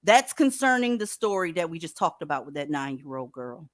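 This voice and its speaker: A woman's voice: low-pitched, sing-song, brisk, no room sound. Middle-aged woman ranting on her livestream, blunt and cussing, dry close sound. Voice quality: blunt, profane, emphatic. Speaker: livestream commentary host. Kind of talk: casual commentary livestream.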